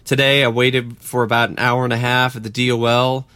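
A man's voice: mid-range voice, level tone, a little fast, bright, forceful tone, dry recording. A man co-hosting a podcast, easygoing and plain-spoken. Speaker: podcast co-host. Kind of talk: casual podcast chat.

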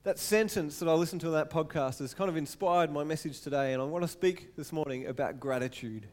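A man in his thirties preaching a sermon to his church, animated and repeating words for emphasis. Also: a little high, fairly quick. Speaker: pastor. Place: church hall.

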